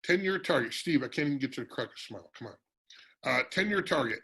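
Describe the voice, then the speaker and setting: A man presenting a business workshop in a virtual meeting, energetic and teasing, calling on audience members by name. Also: mid-range voice, quick pace, husky, poor audio.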